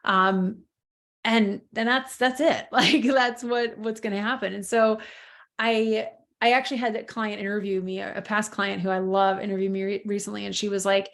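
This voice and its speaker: A woman's voice: mid-range voice, fairly even intonation, normal speed, creaky, a bit bright. A young adult woman hosting her podcast, talking candidly and reflectively with many fillers and restarts. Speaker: podcast host. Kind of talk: candid personal podcast monologue.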